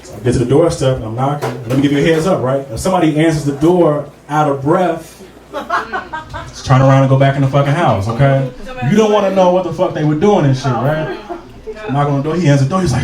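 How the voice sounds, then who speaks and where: A man's voice: a little high, quick pace. A young adult man doing a profane, loose stand-up set, telling stories and working the crowd. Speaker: stand-up comedian. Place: comedy club stage. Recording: roomy live club sound from a distance with crowd.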